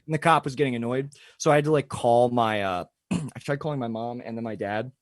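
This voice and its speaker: A man's voice: mid-range voice, brisk, no room sound, studio quality. A young man telling a long story in casual podcast chat, full of fillers and swearing. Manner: rambling, filler-heavy, swears freely. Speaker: podcast co-host.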